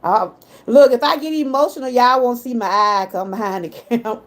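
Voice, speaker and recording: Middle-aged Southern woman, livestream host, chatty, speaks straight to her viewers, higher pitch. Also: a little fast. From Georgia, US. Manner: chatty, talks to viewers directly; emotional when talking about her mother. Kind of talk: casual livestream chat.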